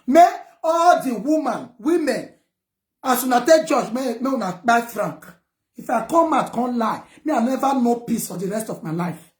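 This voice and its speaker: A woman's voice: fairly high pitch, animated, moderate pace, a little mellow, reverberant. A Nigerian woman speaking Pidgin English, ranting defiantly at her viewers and scolding her critics. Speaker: vlogger. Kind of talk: heated personal rant to viewers.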